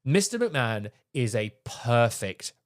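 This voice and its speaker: Profane, excited man. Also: medium pitch, takes it slowly. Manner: enthusiastic, laughing, profane. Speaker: podcast co-host. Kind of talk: casual chat.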